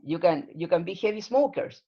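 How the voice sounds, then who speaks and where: Gravelly woman teaching an online class. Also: fairly low pitch, animated. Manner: patient, drawn-out explaining with frequent fillers. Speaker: English teacher. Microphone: video call. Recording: lo-fi video call audio.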